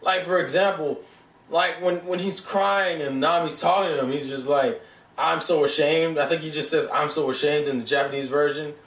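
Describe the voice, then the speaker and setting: A young man ranting excitedly about an anime dub, swearing a lot and often restarting his sentences. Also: fairly high pitch, brisk. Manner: profane, animated, gushing with restarts. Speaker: vlogger reviewing an anime dub. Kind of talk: casual excited rant. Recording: echoey room, mic set back.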